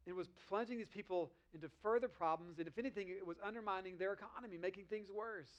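High-voiced man preaching a sermon. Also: lo-fi sound. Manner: reads scripture slowly, then explains conversationally. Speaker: pastor.

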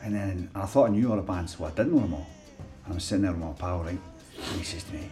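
A man's voice: sits low, fast talker, music in the background. A Scottish man telling a funny anecdote in a casual podcast chat, acting out both sides of the conversation and laughing as he goes. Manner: animated anecdote teller, laughs through his story. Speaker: podcast panelist.

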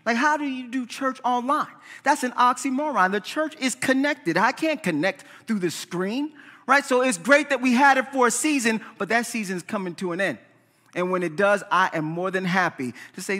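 High bright voice, guy preaching a lively sermon, echoes around the hall. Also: normal speed. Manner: animated preaching, asks "right?" often. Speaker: pastor. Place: church sanctuary.

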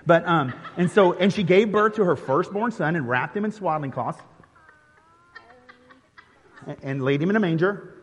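A male pastor leads his congregation through a Christmas nativity, chatty, joking and quick to laugh as he assigns parts. His voice sits a little on the high side for a man. The sound carries a long reverb from a big church hall. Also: expressive, husky. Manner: playful and chatty, laughing often, with many restarts. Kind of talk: interactive Christmas sermon, directing a live nativity skit. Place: church sanctuary.

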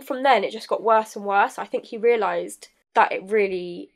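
A young woman telling a personal story as a podcast guest, candid and halting, with many fillers and restarts. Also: medium pitch.

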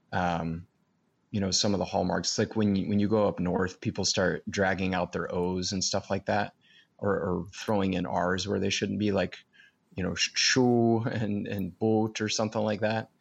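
A man's voice: low-pitched, vocal fry. A man with a Midwestern American accent, co-hosting a casual podcast chat, laughing often and thinking aloud. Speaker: podcast co-host. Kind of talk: casual conversation.

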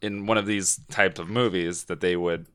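A man's voice: low voice, fairly even intonation, moderate pace, a bit bright, smooth. A man in casual chat about a movie, hesitant and repeating words, with dry humor. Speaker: movie discussion panelist.

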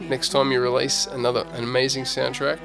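A man hosting a podcast, chatting casually and playfully, with many pauses. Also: mid-range voice, little pitch movement, vocal fry. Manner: chatty, playful, halting with fillers. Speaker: podcast host. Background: music.

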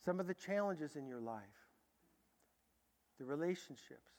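Guy preaching in a big church, highish voice, long echo trailing off, goes loud then real quiet. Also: unhurried. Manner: animated storytelling, swinging from loud bursts to hushed tones. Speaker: pastor. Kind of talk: sermon. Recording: long hall reverb.

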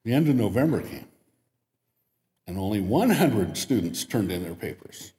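A man's voice: lowish voice, big pitch swings, moderate pace, warm tone. A man giving a sermon in a church and reading a story aloud, lifting his voice for the quoted lines. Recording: echoey hall with long reverb.

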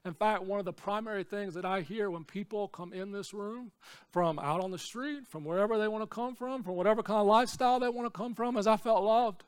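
A man preaching a sermon as pastor, swinging between low, quiet asides and shouted, repeated lines. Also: a little fast, smooth, no room sound, studio quality.

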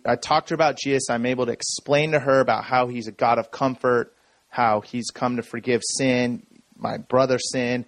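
A man telling a personal story from the stage in a relaxed, conversational way, checking in with the audience as he goes. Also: medium pitch, no echo. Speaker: speaker. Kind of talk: conference talk.

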